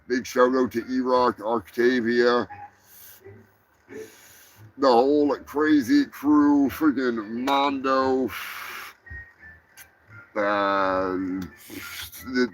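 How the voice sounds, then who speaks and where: A man's voice: medium pitch, a bit bright. A man hosting a live stream show, chatting casually and crudely, rambling and swearing freely. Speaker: livestream show host. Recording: music playing behind.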